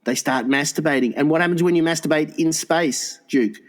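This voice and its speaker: A fairly high-voiced man co-hosting a crude comedy podcast. He is excitable, swears freely and keeps breaking into laughter. His pitch sits a bit above most men's. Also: a little fast. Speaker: podcast co-host.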